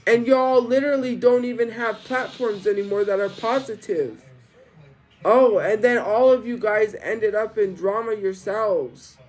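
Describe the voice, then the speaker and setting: Slow, rambling livestreamer, voice low from illness. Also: a little mellow, poor audio. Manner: slow, rambling rant that drifts into chat replies. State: voice deepened from recent illness. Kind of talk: casual livestream chat. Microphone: streaming setup.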